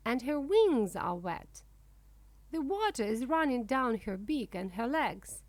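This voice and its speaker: A woman reading a children's storybook aloud in a slow, clear way for young English learners. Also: high-pitched, no echo. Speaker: narrator. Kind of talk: children's book read-aloud.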